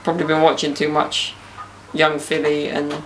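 A man's voice: fairly high pitch, monotone, normal speed, fairly bright tone, a little hiss or hum. A young man hosting a casual podcast outdoors in a garden, bantering and joking with slang. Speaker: podcast host.

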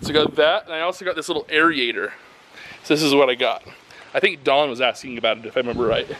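A man's voice: medium pitch, quick pace, background noise. A young man and father chatting casually in a family vlog, laid-back and joking, at home and in the backyard. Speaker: vlogger, father.

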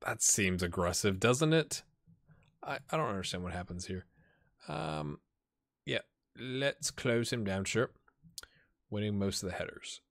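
A man gives casual let's-play commentary in a bright, pushed-forward voice, joking with his viewers and mumbling asides as he goes. The sound is close and dry, with no room around it. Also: on the low side, expressive, unhurried, creaky, pauses often, dry recording. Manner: chatty, self-mocking, jokes and muttered asides. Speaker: gaming channel host.

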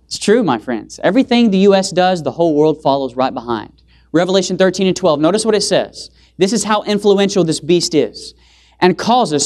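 In a church, a man preaching as an evangelist delivers a fiery sermon. He poses rhetorical questions to the congregation and answers them himself. Key words get sharp, sudden jumps in pitch and volume for emphasis.

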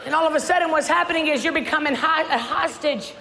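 A woman, preaching a sermon with humor, often shouting. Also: sits high, brisk. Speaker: pastor. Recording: church hall reverb with faint crowd.

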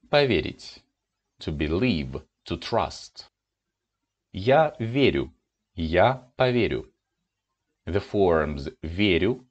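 A man with a Russian accent who speaks Russian natively, teaching a grammar lesson in English and clearly pronouncing example words. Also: deep voice.

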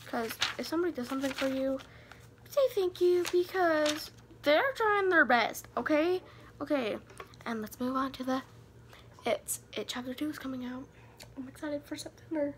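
A woman's voice: sits high, slight background noise. A teenage girl giving rambling, self-mocking advice in a casual vlog, giddy from too much sugar. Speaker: vlogger.

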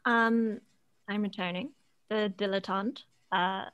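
A woman player introducing her returning character, quiet and hesitant. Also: mid-range voice, fairly even intonation, slow, clear, resonant tone, lo-fi sound.

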